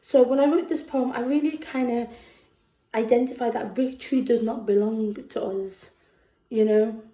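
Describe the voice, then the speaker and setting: A woman with a Scouse accent performing spoken word poetry, slow and deliberate, with emphatic repetitions. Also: a little high, fairly even intonation, dark tone, roomy sound, low-quality recording. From England. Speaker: poet. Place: festival venue indoors.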